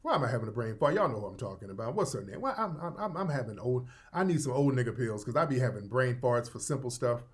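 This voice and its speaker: A man's voice: medium pitch, lively intonation, fast, few pauses. A man hosting his own show, giving blunt, profane, mocking commentary in a casual way. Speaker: show host.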